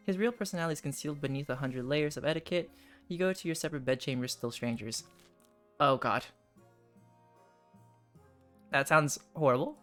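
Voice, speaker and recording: A male streamer hosting a game session, moving between casual chatter and reading story text aloud. He tosses in dry asides and laughs often, with faint music underneath. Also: on the high side.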